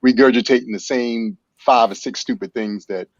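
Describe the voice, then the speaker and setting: A man as a guest on a morning talk show, speaking in an earnest, measured way. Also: medium pitch, steady tone, no room sound. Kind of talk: casual talk show discussion. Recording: dull lo-fi dry sound.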